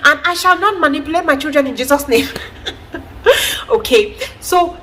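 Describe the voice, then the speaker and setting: A woman with a fairly high voice talks straight to her viewers, animated and a little preachy, with laughter breaking in often. Faint noise sits under her voice. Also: measured pace. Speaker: vlogger, mother. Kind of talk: casual talk to camera.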